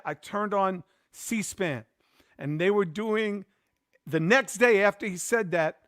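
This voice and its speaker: A man's voice: a little high, no echo, studio quality. A man hosting a podcast who tells a story in casual chat, acting out the voices of the people he quotes. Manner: animated, acts out quoted voices. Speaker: podcast host.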